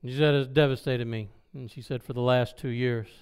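A man telling a personal story in a sermon, animated and acting out the dialogue. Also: medium pitch, a little fast, clear, resonant tone. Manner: loud when excited. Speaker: preacher.

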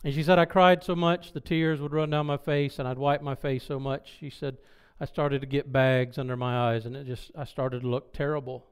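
A man telling a personal story in a sermon, animated and acting out the dialogue. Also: mid-range voice, moderate pace, few pauses, smooth. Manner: loud when excited. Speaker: preacher.

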